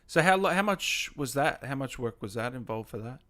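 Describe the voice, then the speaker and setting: An Australian man hosting an interview over a video call, friendly and quick to laugh. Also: mid-range voice, animated, sharp tone. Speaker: interview host. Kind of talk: casual interview chat.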